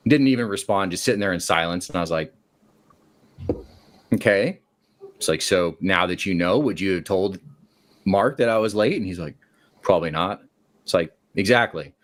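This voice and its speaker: A man with a fairly low voice tells a long story casually as a caller on a talk show. He acts out each quoted line with its own shifting voice and keeps the story moving. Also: expressive, moderate pace, long pauses.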